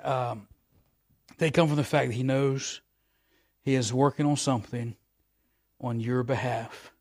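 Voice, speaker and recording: A man preaching a sermon in a folksy, repetitive way that swells louder at the high points. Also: steady tone, measured pace.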